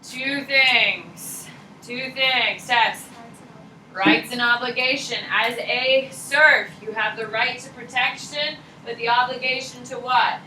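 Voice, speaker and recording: Woman history teacher, blunt and slangy, bright voice, quizzes the class, recorded from far back in an echoey classroom. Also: on the high side, takes it slowly, a little hiss or hum. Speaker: high school history teacher. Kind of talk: classroom lecture.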